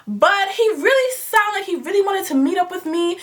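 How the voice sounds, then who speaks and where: A woman in her twenties, telling a personal story in a casual, animated and dramatic way, laughing and dropping into asides. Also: very high voice, normal speed, few pauses, far from the mic.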